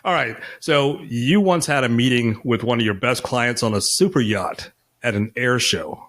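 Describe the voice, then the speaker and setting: A man's voice: medium pitch, normal speed, fairly bright tone. A man hosting a podcast interview, asking questions with dry humor and chuckles. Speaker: podcast host. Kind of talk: casual interview chat.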